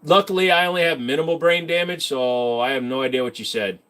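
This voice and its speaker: A man's voice: on the high side, fast, a bit bright. A man hosts a casual livestream and answers viewer questions one after another. His delivery is loose, jokey and self-mocking, sliding into careful detail whenever he explains his subject. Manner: knowledgeable about handguns, explains in detail.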